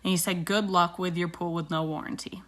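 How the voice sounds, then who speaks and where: A woman's voice: on the low side, fairly even intonation, a little fast, fairly bright tone. A woman in her thirties, a beauty vlogger, chatting casually and retelling a dispute with indignation while doing her makeup.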